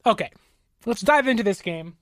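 A woman hosting a sports podcast. She talks in a casual, opinionated, animated way. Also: medium pitch, no echo, studio quality. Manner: animated, opinionated, quick to joke. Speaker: podcast host.

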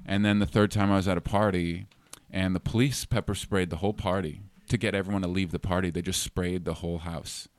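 A man, a comedian guest in a studio, telling stories in a deadpan, halting way during casual podcast chat. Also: low-pitched, no room sound.

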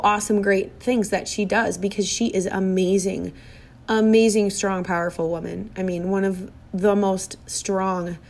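A middle-aged woman giving a personal, reflective monologue in a heartfelt, earnest way, often repeating phrases for emphasis. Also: mid-range voice.

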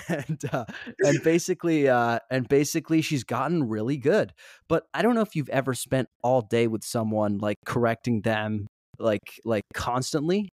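A man chatting casually on a podcast, poking fun at himself as he tells a story. His voice sits at an ordinary pitch and is recorded close and dry, with no room echo. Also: animated, normal speed. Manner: candid, self-mocking storytelling with fillers. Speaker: podcast co-host. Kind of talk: casual chat.

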